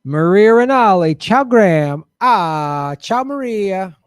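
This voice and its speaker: A man hosting a casual livestream, answering viewer questions with animated commentary and mocking voices. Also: high voice, slow, clean tone, no echo, clean studio sound. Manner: animated, jumps between mocking voices and mutters.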